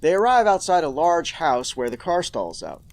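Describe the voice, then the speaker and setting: A man's voice: on the high side, huge pitch swings, normal speed. A man hosting a podcast, recapping a horror episode with sarcastic, mock-outraged asides. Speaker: podcast host.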